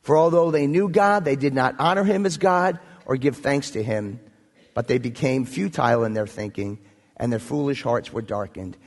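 A man's voice: medium pitch, normal speed. A man preaching a sermon as pastor, earnest and storytelling, building to emphatic points. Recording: echoey hall reverb.

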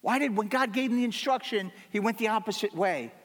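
High-voiced man preaching in a reverberant hall. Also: brisk. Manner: earnest preaching, repeating key phrases for emphasis. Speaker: pastor. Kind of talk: sermon.

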